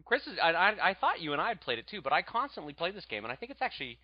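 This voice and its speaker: A man co-hosting a casual podcast chat, talking fast and eagerly about being an artist. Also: sits high, very animated, background noise. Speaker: podcast co-host. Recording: dull lo-fi mic.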